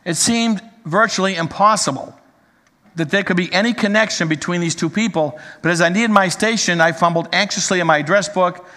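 A man with a high-pitched voice delivers an earnest sermon, reading a story aloud in a measured, storytelling way. His words ring out with a long reverb, as if spoken in a large sanctuary. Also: sharp tone. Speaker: preacher.

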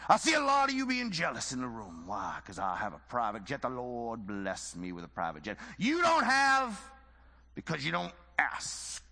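A man mimicking a boastful male televangelist preacher with a Southern accent, loud and high with a drawn-out preaching cadence. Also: wildly swooping pitch, vocal fry, big-room sound, heavily acted.

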